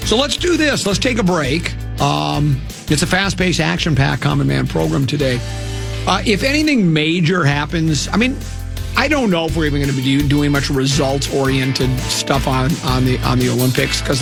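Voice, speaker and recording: A man's voice: fairly high pitch, lively intonation, moderate pace, gravelly, music in the background. A man hosting a sports radio show, rambling and joking in casual studio chat, restarting his sentences often. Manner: rambling, jokey, full of restarts.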